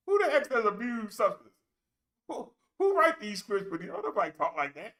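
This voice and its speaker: A man's voice: sits high, wildly swooping pitch, normal speed, pushed and bright. A man casually retelling a story in an indignant, colloquial way. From United States. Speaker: vlogger and minister.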